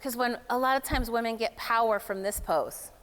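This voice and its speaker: A woman speaking with a raised, smooth and resonant voice in a large, echoing hall. She talks in a lively and playful way, casual and direct with the crowd. Long reverb trails after her words. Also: on the high side, normal speed. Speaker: speaker at a summit. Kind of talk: energetic motivational workshop talk.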